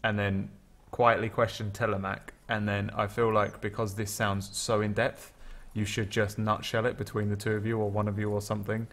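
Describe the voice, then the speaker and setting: A man's voice: fairly low pitch, flat delivery, fairly quick, hardly any pauses, a bit bright. A man who jokes, rambles and swears freely in casual tabletop game talk.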